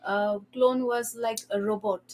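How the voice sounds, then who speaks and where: A woman's voice: on the high side, fairly even intonation, unhurried, a crowd in the background. A woman chatting casually with her husband, giving short, eager and slightly hesitant replies. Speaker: guest, host's wife. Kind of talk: casual chat.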